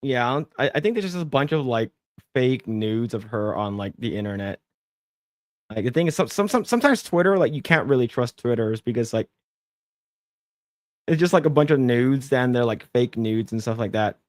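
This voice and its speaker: Rambling podcast host, dry close mic. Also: male voice, mid-range voice, lively intonation, normal speed, dry recording. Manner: rambling, repeats words, thanks donors. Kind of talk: casual livestream chat.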